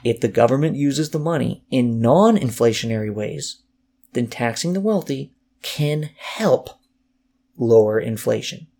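A man calmly narrating a scripted economics explainer. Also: mid-range voice, vocal fry. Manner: measured, explanatory.

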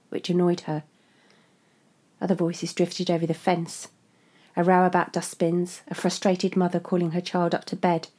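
A woman narrating a literary story in a measured, restrained way. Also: on the low side, dark tone.

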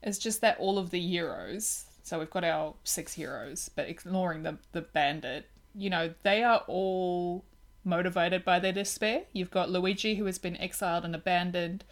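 Animated woman discussing a film. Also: on the low side, moderate pace. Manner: animated, retells scenes with lively emphasis. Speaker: podcast co-host.

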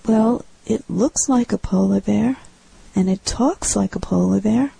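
A sultry, naive maiden, as a woman acts her out, with a husky, gravelly voice and a dark, mellow tone. Faint music sits behind her. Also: medium pitch, a little slow, no room sound, full character voice, low-quality recording. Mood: coy. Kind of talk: comic amateur pantomime.

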